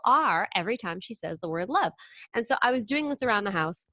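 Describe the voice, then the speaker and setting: Animated woman guest, dry close sound. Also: lowish voice, a little fast, no echo. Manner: animated, slips into sung impressions. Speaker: guest, actress and impressionist. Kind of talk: casual interview chat.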